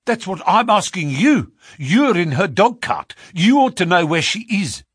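A man's voice: high voice, very animated, a little slow, breathy edge, no room sound, studio quality, pitched above the performer's own voice, exaggerated voice. A man reading aloud, voicing a frantic bearded young man in desperate urgency. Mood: frantic despair. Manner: shouting, pleading, breathless urgency.

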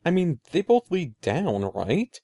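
A man reading a steady, reassuring older sister. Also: on the high side, slow pace, husky, no echo, clean studio sound, heavily acted. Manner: reassuring, gently teasing. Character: older sister, young girl, teasing but steady.

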